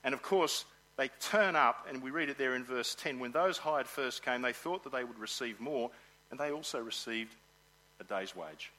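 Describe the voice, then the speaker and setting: A man preaching to his congregation. He talks in a lively, animated way and acts out the grumbling of the people in his story. His voice is bright and forward, at a middling pitch. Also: moderate pace, rough recording. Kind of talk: sermon.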